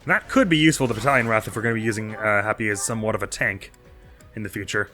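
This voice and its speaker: Bright-voiced man narrating his gameplay. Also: on the low side, rapid-fire, faint music behind. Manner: chatty, thinks aloud, self-mocking asides. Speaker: let's play host. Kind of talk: casual gameplay commentary.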